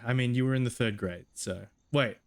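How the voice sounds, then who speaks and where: A man's voice: medium pitch, a little fast, no room sound. A young man joking and laughing as he comments on a game he plays. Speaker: streamer. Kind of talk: let's play commentary.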